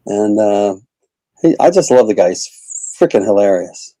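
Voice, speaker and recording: A man's voice: on the low side, animated, normal speed, mellow, dry recording, poor audio. A man who is a comedian, rambling casually as a guest in an interview. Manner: rambling, chatty, lots of fillers.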